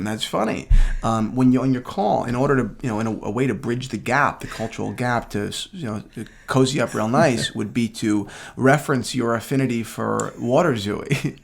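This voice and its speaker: A man's voice: medium pitch, normal speed, creaky. A man hosting a casual podcast, telling a rambling story full of restarts and laughter. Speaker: podcast host. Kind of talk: casual chat.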